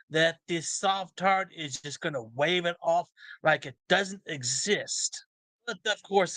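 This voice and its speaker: A man's voice: fairly high pitch, bright, forceful tone, no room sound, rough recording. A man giving mocking commentary over a video, sarcastic and pointed.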